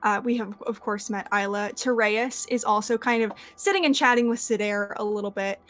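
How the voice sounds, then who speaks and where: A woman's voice: mid-range voice, moderate pace, soft background music. A young woman narrating a tabletop game as game master, rambling through descriptions with many fillers.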